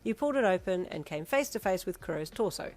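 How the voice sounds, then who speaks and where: A woman's voice: mid-range voice, lively intonation, fast, darkish tone, faint music behind. A woman narrating a second-person fanfiction story and chatting to viewers at the end.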